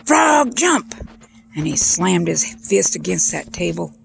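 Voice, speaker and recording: A woman's voice: lowish voice, fairly even intonation, moderate pace, vocal fry, a little mellow, a little hiss or hum. A woman telling silly jokes in a rambling, casual way while outdoors in a garden by a pond, breaking off now and then to point things out. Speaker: joke teller. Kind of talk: casual storytelling.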